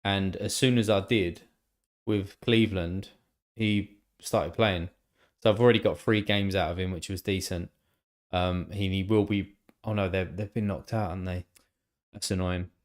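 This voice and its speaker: A man's voice: low voice, steady tone, moderate pace. A man chatting casually on a live stream, rambling and thinking aloud with lots of fillers and the odd swear word.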